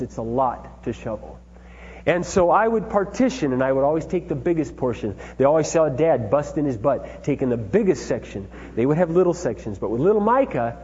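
A man's voice: fairly high pitch, warm tone, breathy edge. A middle-aged man telling family stories in an earnest, emphatic, folksy way. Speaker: father giving parenting talk. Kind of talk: personal storytelling talk. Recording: dull lo-fi sound with hall reverb and faint hum.

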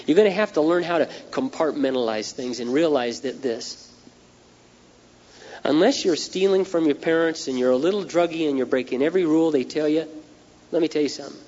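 A man's voice: a little high, a little mellow. Earnest preacher man in a reverberant hall. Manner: earnest, repetitive, tells stories to make a point. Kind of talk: sermon. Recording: dull lo-fi recording with long hall reverb.

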